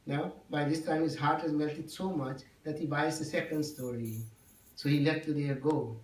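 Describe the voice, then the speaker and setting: A man's voice: fairly high pitch, fairly even intonation, moderate pace. Man telling a devotional tale in an echoey hall. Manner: checks in with the audience by asking 'yes?' and 'no?'. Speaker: religious storyteller. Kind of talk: devotional storytelling to an audience. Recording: echoey hall, mic far off.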